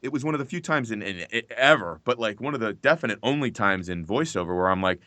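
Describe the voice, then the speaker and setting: A male voice actor as a podcast guest, telling animated stories and swearing freely. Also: on the low side, fast, no room sound. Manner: animated storyteller, swears freely, acts out his own reactions. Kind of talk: casual podcast interview.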